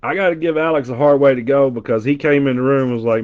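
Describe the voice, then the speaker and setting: A man's voice: mid-range voice, quick pace. A middle-aged man with a Southern twang, joking and bantering with his chat while opening a box of trading cards. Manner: joking, animated banter with chat, loud impressions. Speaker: card breaker. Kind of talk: casual live card-break chat. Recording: dull lo-fi stream audio.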